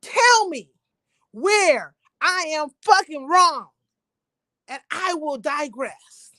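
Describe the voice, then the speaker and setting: A woman's voice: sits high, animated, very slow, sharp tone, no echo. A woman hosting a livestream, talking to her viewers in an emphatic, profane, preachy way. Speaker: livestream host. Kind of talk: impassioned livestream rant.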